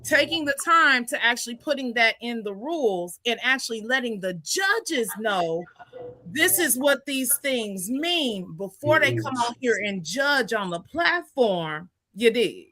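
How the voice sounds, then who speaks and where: A woman in a casual stream chat, working through an explanation with lots of "like" fillers. Her voice is bright and sits a little high. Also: animated, measured pace. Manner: explains at length with many fillers like "like". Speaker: poet in a battle league.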